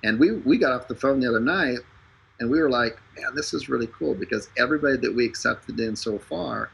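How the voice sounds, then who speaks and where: Gravelly husky-voiced man hosting a stream. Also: medium pitch, a little fast, a bit bright, poor audio. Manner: joking, talkative, lots of fillers and restarts. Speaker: live stream host. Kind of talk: casual persuasive sales pitch. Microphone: streaming over an internet connection.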